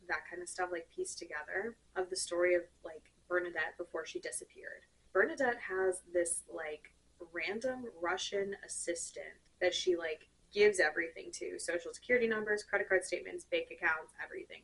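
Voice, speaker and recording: A young woman reviewing books she hated, in an animated, sarcastic, rambling way, full of "like". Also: mid-range voice, distant mic, low-quality recording. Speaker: book reviewer. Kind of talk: casual rant.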